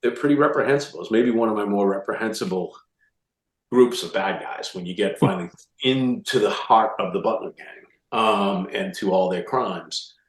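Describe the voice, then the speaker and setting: A low-pitched man talks through ideas in a casual interview, animated and restless, often restarting and repeating words as he goes. His voice carries a noticeable room echo. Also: normal speed. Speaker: author guest. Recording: roomy echo.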